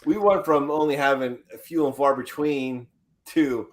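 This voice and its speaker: A man's voice: medium pitch, normal speed. A man in casual banter on a livestream, rowdy, joking and profane. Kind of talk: casual chat.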